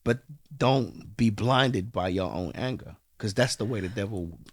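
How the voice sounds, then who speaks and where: A man from London, a guest in an interview, telling a heartfelt story and rising to animated bursts when he stresses a point. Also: lowish voice, a little slow, no room sound, clean studio sound. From London, England.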